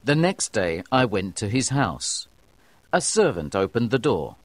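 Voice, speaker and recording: A man narrating a graded-reader story with clear, measured delivery. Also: on the low side, big pitch swings, dry recording. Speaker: audiobook narrator.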